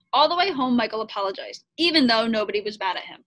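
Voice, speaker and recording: Woman teacher, slightly high voice, friendly expressive read-aloud for kids. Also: fast talker. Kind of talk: reading a picture book aloud.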